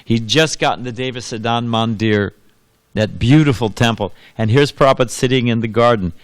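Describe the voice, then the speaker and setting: A man's voice: medium pitch, brisk, no room sound. A man giving a temple sermon as a monk, telling anecdotes, laughing often and putting questions to his audience. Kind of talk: storytelling sermon.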